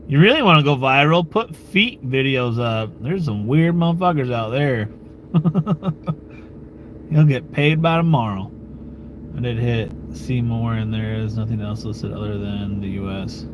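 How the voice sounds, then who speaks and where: Rambly american guy on a live stream, middle-pitched, lots of ums and cussing, faint hum behind him. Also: unhurried. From United States. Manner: rambling and relaxed, with frequent fillers, swearing and chuckles. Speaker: YouTube channel host talking with live-stream viewers. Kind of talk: casual live-stream chat.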